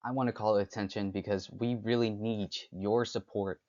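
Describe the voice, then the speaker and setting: A young man hosting a solo talk, speaking haltingly with frequent restarts and fillers. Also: on the low side, steady tone, darkish tone, dull audio. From United States. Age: young adult. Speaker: podcast host. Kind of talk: unscripted solo talk on stereotypes.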